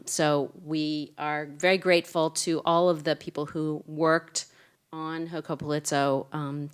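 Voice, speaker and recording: Chatty woman speaking at a live reading. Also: low voice. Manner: chatty, anecdotal, self-deprecating humor. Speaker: event speaker, former newspaper writer. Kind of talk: casual remarks at a live literary reading. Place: event room with a seated audience.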